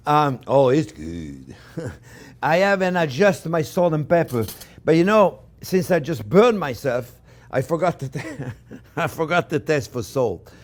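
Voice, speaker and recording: At a measured pace, a man with a French accent and a voice on the high side speaks in a sing-song way. A chef giving a chatty kitchen demonstration, he repeats himself and addresses viewers as friends.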